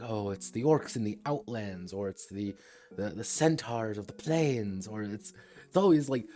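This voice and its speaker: A man with a fairly low voice talks through game design ideas on a casual livestream. He rambles and digresses, thinking aloud as he goes. Faint music plays softly behind him. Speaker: tabletop game designer and streamer.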